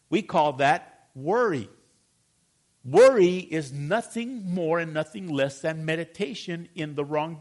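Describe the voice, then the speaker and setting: A man preaching a sermon to his congregation, calling for responses and asking them questions. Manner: drops to a low mutter on repeated verses. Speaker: pastor.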